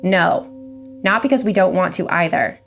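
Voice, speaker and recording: A woman doing a gruff, drawling male government agent. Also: lowish voice, soft background music. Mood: stern. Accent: American Western drawl. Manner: slow, blunt and commanding.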